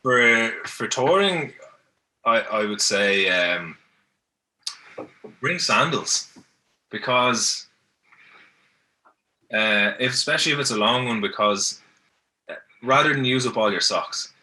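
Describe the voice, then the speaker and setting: A man's voice: medium pitch, lively intonation, slow, pauses often, sharp tone. An Irish man on a podcast as a guest, telling stories in an easygoing, rambling way and often restarting. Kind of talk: casual chat, telling stories. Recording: mic at a distance.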